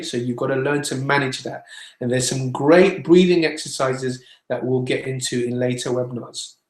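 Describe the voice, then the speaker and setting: A man's voice: fairly high pitch, echoey room. A man teaching singing in a webinar, explaining plainly and demonstrating sounds with his own voice.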